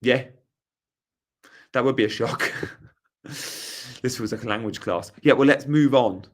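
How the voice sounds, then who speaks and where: A young man hosting a live stream Q&A, reading chat questions aloud in a jokey, casual way, his voice hoarse after a night out. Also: mid-range voice, a little slow. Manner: reads chat questions aloud, jokey, tries silly regional accents. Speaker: host.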